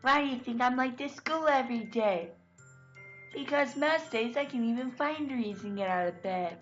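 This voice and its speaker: A woman voicing a cheerful teenage girl who hides deep sadness, reading game dialogue aloud slowly and softly. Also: expressive, lightly acted. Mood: sad. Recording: dull lo-fi with music behind.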